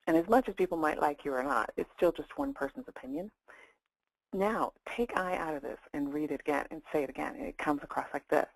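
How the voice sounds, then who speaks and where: A woman's voice: low-pitched, lively intonation, fast, gravelly, slightly rough, no room sound, rough recording. A woman career coach giving a plain-spoken, conversational webinar talk.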